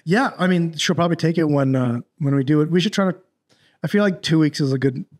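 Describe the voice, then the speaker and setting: A man's voice: a little high, fast talker, a little mellow. A man hosting a podcast in loose, rambling casual chat, full of fillers and restarts. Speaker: podcast host.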